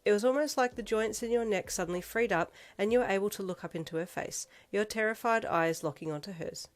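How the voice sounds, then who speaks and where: A woman reading fan fiction aloud in second-person narration, with steady, even storytelling. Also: mid-range voice, brisk. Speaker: reader.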